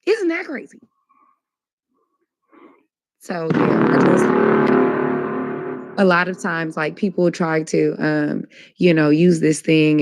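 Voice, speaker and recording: A woman on a discussion panel, talking casually in an animated, sarcastic and emphatic way. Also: lowish voice, no room sound. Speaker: debate panelist.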